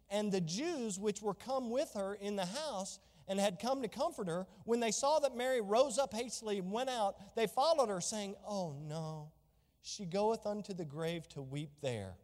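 A man's voice: very high-pitched, a little mellow, big-room sound. A man preaching a sermon as pastor, fervent and exclamatory, reading and explaining scripture.

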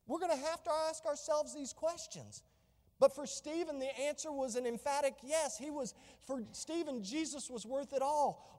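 A woman's voice: high voice, a little mellow, long reverb tail. A woman preaching a sermon with fervor, piling up rhetorical questions. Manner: fervent, stacked rhetorical questions.

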